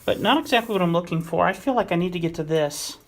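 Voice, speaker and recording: A woman with a fairly low voice talks through her own hands-on refinishing project. She thinks aloud in a musing, unhurried way, trailing off and restarting with plenty of fillers as she weighs each step. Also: lively intonation. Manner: musing and hesitant, with frequent fillers and self-corrections. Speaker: DIY maker refinishing a guitar.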